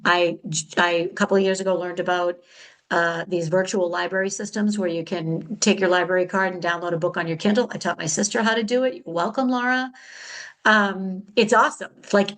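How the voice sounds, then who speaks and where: A middle-aged woman hosts her own solo podcast, talking candidly and chattily, a little frenetic and full of self-corrections. Her voice is medium-pitched and the recording rough.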